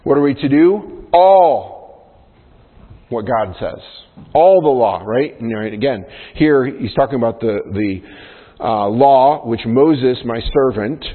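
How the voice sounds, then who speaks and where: A man, a pastor preaching a sermon, who rises in pitch and force to stress key points. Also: a little slow, breathy edge. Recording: phone-like sound in a reverberant hall.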